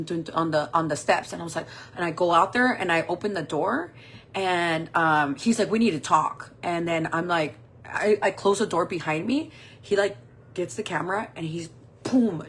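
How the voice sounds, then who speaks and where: A woman's voice: lowish voice, slight background noise. A woman in her forties tells a personal story while doing her makeup, swearing freely and acting out what people said. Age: 40s. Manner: animated, swearing, acting out quoted dialogue. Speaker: makeup vlogger.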